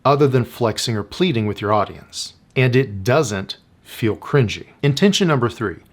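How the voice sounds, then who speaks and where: Man, Appalachian accent, psychologist, scripted explainer, very lively pitch, mid voice. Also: moderate pace. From rural Appalachia. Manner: animated, acts out quoted lines.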